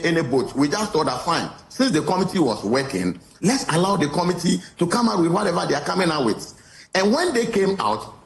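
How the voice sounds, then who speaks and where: Lively-pitched Ghanaian man, echoey room. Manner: deliberate, repeats words while explaining. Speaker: interviewee. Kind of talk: interview.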